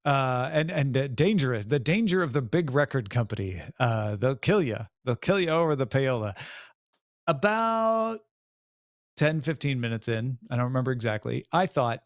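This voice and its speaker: Male podcast co-host, lively delivery, dead-dry close mic, chatty. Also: medium pitch, normal speed, no room sound. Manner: chatty, self-correcting, recounts his reactions. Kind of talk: casual chat.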